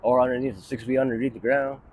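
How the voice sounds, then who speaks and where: A man's voice: mid-range voice, level tone, fast, a little mellow, a little hiss or hum. Rambling, profane man in his thirties. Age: 30s. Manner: rambling, profane, many fillers like "you know". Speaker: interviewee. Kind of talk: street interview, casual storytelling. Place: outdoors on a city street near a bus stop.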